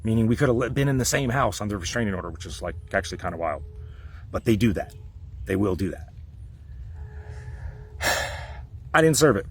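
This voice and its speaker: A man telling a personal story in a heated, rambling, profane rant, with sudden loud outbursts. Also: on the low side, animated, normal speed, pauses often, slight background noise.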